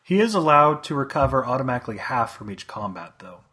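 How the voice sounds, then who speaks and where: Inquisitive man with lively pitch. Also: fast talker. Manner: inquisitive, rules-minded. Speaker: player. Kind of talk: casual tabletop play.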